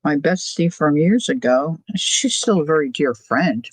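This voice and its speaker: A woman's voice: low voice, lively intonation, unhurried, husky, no room sound, low-quality recording. A woman hosting a crafting livestream, chatting casually, thinking aloud and answering viewer comments as she works. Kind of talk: casual chat while crafting.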